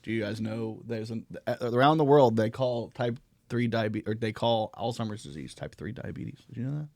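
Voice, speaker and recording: A man's voice: mid-range voice, fairly even intonation, normal speed, darkish tone, dry recording, studio quality. A man in his thirties hosting a casual comedy chat, laughing often and swearing as he tells stories. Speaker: podcast host.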